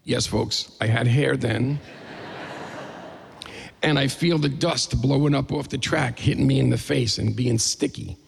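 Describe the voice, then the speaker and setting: A man telling a funny story to a crowd in an animated, playful, self-mocking way. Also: mid-range voice, unhurried, creaky, husky, big-room sound. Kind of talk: live comedic storytelling.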